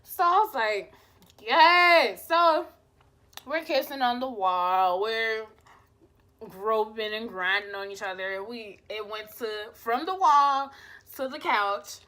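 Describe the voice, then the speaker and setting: A young woman vlogger telling a casual storytime, animated and profane, acting out her own lines. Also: a little high, takes it slowly.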